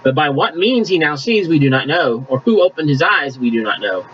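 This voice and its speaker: Lively, slightly raised male preacher. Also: on the high side, fairly quick, muffled recording, slight background noise. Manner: conversational preaching with scripture reading, coughs at times. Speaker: pastor. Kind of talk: sermon.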